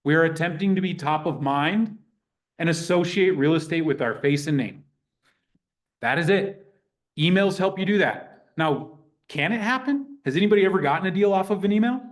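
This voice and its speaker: A man teaching a real estate class in a lively, conversational way, acting out sample phone calls. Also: on the high side, moderate pace. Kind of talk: teaching a live workshop.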